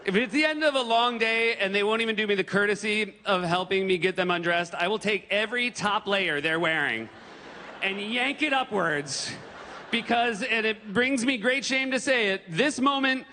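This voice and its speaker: A middle-aged American man doing stand-up on a big theater stage, his voice pitched fairly high and lively as he tips into loud, exaggerated bursts. A long hall reverb trails his words while audience noise fills the background. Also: normal speed. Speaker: stand-up comedian. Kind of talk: stand-up comedy set.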